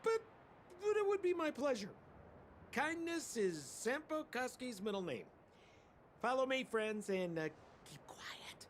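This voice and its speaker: An actor playing a sly, talkative male smuggler guide in a game cutscene, with smooth salesman patter. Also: very high voice, sing-song, measured pace, long pauses, a little hiss or hum, full character voice.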